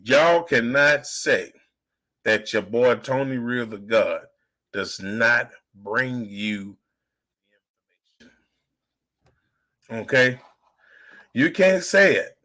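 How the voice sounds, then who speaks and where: Young guy hosting a podcast, slow and emphatic, bright pushy voice, keeps repeating himself. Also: mid-range voice. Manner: emphatic, repetitive, preacher-like build-ups. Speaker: podcast host. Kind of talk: live podcast sign-off.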